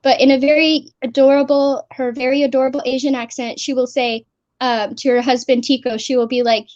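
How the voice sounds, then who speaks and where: A woman's voice: high voice, level tone, fairly quick, darkish tone. A woman co-hosting a casual chat, giggly and chatty. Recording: dull lo-fi audio.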